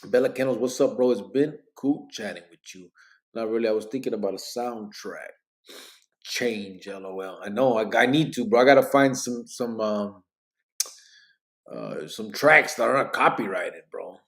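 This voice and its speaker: A man's voice: on the low side, moderate pace, fairly bright tone. Sleepy man reading chat aloud. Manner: laid-back, joking, drops Spanish slang. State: sleepy, yawning. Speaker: livestream podcast host. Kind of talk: casual live chat, reading viewer comments aloud.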